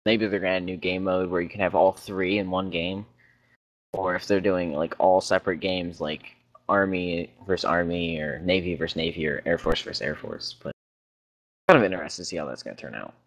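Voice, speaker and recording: Low-voiced hesitant man. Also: fairly even intonation, a little fast. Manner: hesitant, rambling with fillers. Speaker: podcast co-host. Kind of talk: casual chat.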